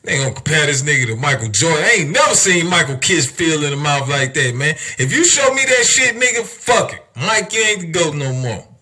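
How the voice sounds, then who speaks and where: Young male podcast host, emphatic and heated, with a bright, sharp, husky tone. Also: fairly high pitch, big pitch swings, a little fast, hardly any pauses. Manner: heated, emphatic, heavy cursing, rhetorical questions. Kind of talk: profane rant on a podcast.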